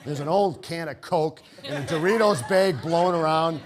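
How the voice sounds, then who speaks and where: An older man telling a comic, personal story live on stage, wry and halting, with frequent restarts. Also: on the high side, a crowd in the background.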